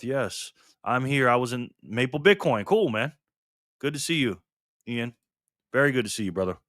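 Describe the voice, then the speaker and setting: A man's voice: mid-range voice, a bit bright, no room sound, studio quality. An upbeat man hosting a live stream, chatting casually and greeting viewers by name. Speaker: livestream host. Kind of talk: casual live stream chat reading comments.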